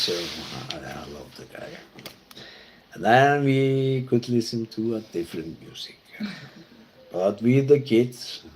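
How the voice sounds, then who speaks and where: A man from Iceland with an Icelandic accent, a pastor telling personal stories in a halting, reflective way. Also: deep voice, a little mellow, slight background noise. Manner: halting and reflective, with many fillers and restarts. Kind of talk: personal storytelling talk.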